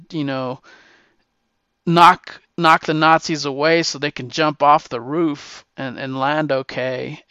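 Man, rambling storyteller, animated and profane, dry lo-fi recording. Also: a little high, smooth, dry recording. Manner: rambling, with many fillers and restarts. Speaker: guest answering a question. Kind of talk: casual storytelling. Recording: dull, slightly lo-fi dry sound.

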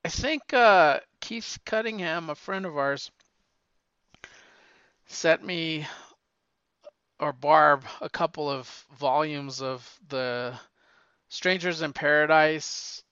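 Slow, halting woman in a podcast chat. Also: low-pitched, a bit bright, clean tone, no echo. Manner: slow, halting, searching for words. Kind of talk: casual chat. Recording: dull, lo-fi dry recording.

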